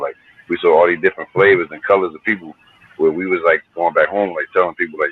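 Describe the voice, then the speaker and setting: A man's voice: sits low, fairly even intonation, fast talker, breathy edge, narrow, tinny audio. A middle-aged man from New Jersey, a hip hop artist telling stories in a laid-back, slangy, profane way. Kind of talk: casual storytelling interview.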